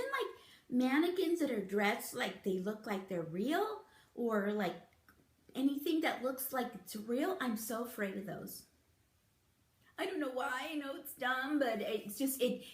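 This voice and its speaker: A woman's voice: a little high, reverberant. A woman in her fifties, telling stories to camera in a chatty, giggly way. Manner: chatty, giggly, animated storytelling. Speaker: beauty vlogger. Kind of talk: casual storytelling to camera.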